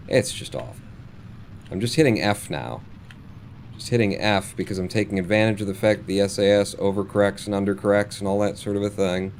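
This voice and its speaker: Grumpy guy streaming a game, kinda low voice, swears a lot, bit of hiss behind. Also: a little mellow. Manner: frustrated, sarcastic, swearing at the game. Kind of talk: live gameplay commentary.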